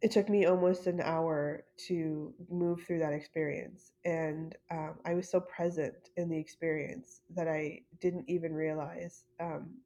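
Casting note: woman, low and even-toned, soft and halting, personal storytelling with many fillers. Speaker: podcast host.

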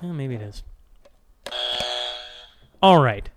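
A man co-hosting a podcast, talking in casual chat with animated, mock-exasperated swearing. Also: medium pitch, slow pace, lo-fi sound, noisy background. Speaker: podcast co-host.

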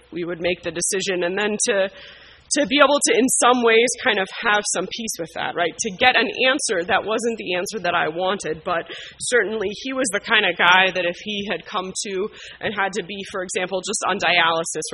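A woman with a bright, clear tone gives an earnest recovery share to a group. She speaks haltingly, with pauses and fillers, and keeps checking in with her listeners. Faint noise hums under the recording. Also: fairly low pitch, low-quality recording. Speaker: speaker sharing at a recovery meeting. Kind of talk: personal recovery story told to a group.

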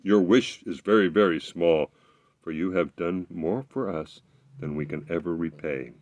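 A gentle, grateful king from a fairy tale, speaking low and quietly, as a man reading aloud plays him. Deep and close, with a dry sound. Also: unhurried, no echo. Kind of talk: storybook read-aloud.

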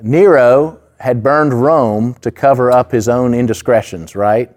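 A man's voice: medium pitch, a little slow, a little mellow. A man preaching a sermon in an earnest, conversational way, full of asides and fillers. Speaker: pastor.

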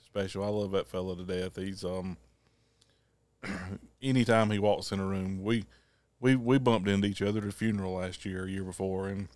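A man hosting a podcast in casual chat. His voice is off, and he rambles and clears his throat. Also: low voice, steady tone, moderate pace, darkish tone, no room sound. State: throat catching, voice off. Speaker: podcast host.

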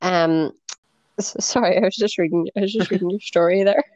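A woman's voice: fairly low pitch, steady tone, a little fast, darkish tone, dry recording, muffled recording. A woman in her twenties co-hosting a podcast, chatting casually, swearing freely and filling her talk with "like". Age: 20s. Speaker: podcast co-host. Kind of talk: casual chat.

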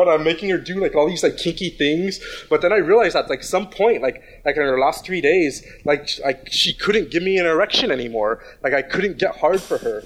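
A man with a fairly high voice tells a story in casual conversation. He rambles, restarts often and leans on fillers, and he speaks in a crude, blunt way.

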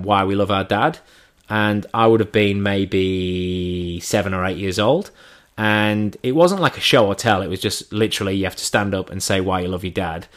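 A man's voice: on the low side, a bit bright. An English man in his thirties telling comic stories in a dry, self-mocking way, swearing casually. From England. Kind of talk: comic storytelling.

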